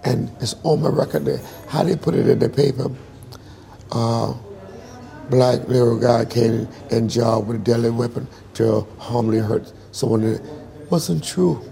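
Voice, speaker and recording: A man's voice: mid-range voice, measured pace, vocal fry, dark tone. A man in his sixties, interviewed, telling a hard personal story earnestly and emphatically, acting out what people said. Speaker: interviewee, singer.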